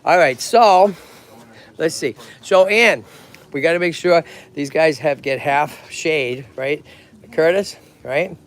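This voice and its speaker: Energetic male rescue host, Massachusetts accent, fairly high-pitched, chatty outdoor livestream delivery with constant check-ins. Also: slow. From Lowell, Massachusetts. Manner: energetic, chatty, keeps checking in with "okay?" and "right?". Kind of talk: livestream chat. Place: outdoors at a tortoise pond.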